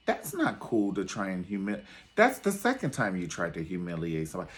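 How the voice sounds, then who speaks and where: A man's voice: low-pitched, huge pitch swings, fairly quick. A man reviewing a reality show in a sassy, theatrical way, calling everyone honey. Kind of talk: casual commentary video.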